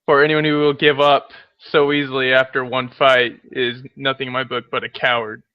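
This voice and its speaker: A man voicing a snide, sharp-tongued male adventurer who speaks curtly and sneers. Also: medium pitch, flat delivery, moderate pace, smooth, lo-fi sound, close to an everyday voice. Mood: sneering.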